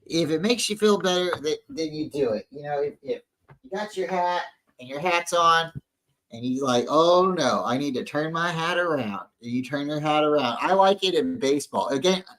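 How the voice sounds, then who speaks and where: A man with a bright, forceful, slightly high voice rambles through a story on a casual sports show. He restarts his sentences often and gets animated as the story builds. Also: normal speed, poor audio. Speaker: podcast co-host. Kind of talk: casual fan chat.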